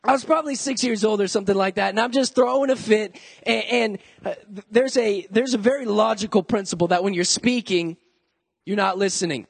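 A young adult man preaching a sermon to youth and college students in a lively, joking, conversational way. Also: high-pitched, brisk, creaky, breathy edge, long reverb tail. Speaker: youth pastor.

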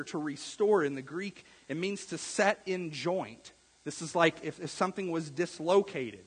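A man with a slightly higher, husky voice preaches a sermon. His delivery is earnest, swelling louder on key points before easing back to a soft tone. The sound carries the long reverb of a church hall. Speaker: pastor. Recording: long echo of a large hall.

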